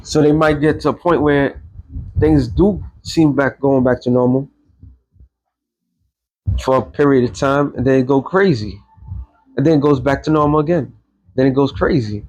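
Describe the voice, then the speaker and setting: Husky man preaching a blunt commentary. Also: medium pitch, fairly even intonation, normal speed, pauses often, darkish tone, lo-fi sound. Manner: rambling, blunt, quotes scripture. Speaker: online video host. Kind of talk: casual religious commentary.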